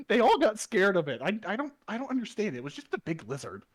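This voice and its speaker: A man's voice: sits high, wildly swooping pitch, quick pace. A man playing in a casual tabletop game who rambles, stammers and restarts a lot. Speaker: player.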